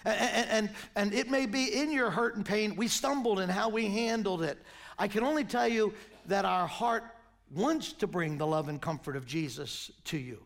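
A man in his sixties, a pastor, preaching a sermon and telling a lively story. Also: sits high, moderate pace, vocal fry. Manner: animated storyteller, acts out voices in anecdotes.

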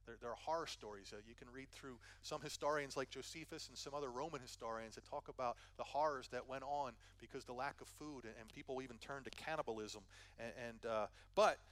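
A man's voice: on the high side, fairly bright tone. A man preaching a conversational Bible teaching, earnest, often restarting phrases and checking in with "right?". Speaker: pastor. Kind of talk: sermon teaching.

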